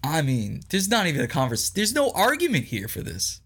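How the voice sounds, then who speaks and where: A man reads news items aloud and breaks off into incredulous commentary. His pitch leaps around animatedly as he rants, and he hammers points home by repeating them. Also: huge pitch swings, brisk, a bit bright, breathy edge. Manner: incredulous, ranting, repeats lines for emphasis. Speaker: political commentary podcast host. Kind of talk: opinionated commentary, reading news aloud and reacting.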